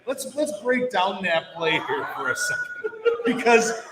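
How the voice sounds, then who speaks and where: High-voiced man swearing about football. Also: unhurried, background noise. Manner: profane, heated and excitable. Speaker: podcast co-host. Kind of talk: live podcast sports talk. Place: brewery release party, indoors. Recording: echoey hall, mic far off, crowd chatter.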